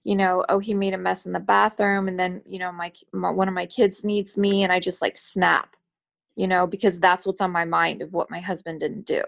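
A middle-aged woman calling in, candidly telling her story in a halting, confiding way. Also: on the low side, little pitch movement, vocal fry. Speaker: caller. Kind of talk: personal conversation.

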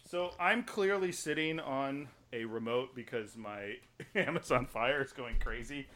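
A man co-hosting a podcast in casual chat, joking and laughing a lot in an animated way. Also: mid-range voice, a little slow. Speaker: podcast co-host.

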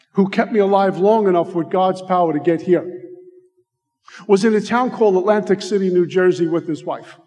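A middle-aged American man giving a heartfelt personal recovery testimony, slowing down to stress his words. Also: sits high, darkish tone. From United States. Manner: heartfelt, slows down for emphasis. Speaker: recovery speaker. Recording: long reverb of a hall.

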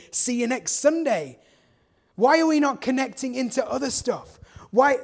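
A pastor with a notably high voice delivers a lively sermon. He tells the story with energy and keeps asking rhetorical questions.

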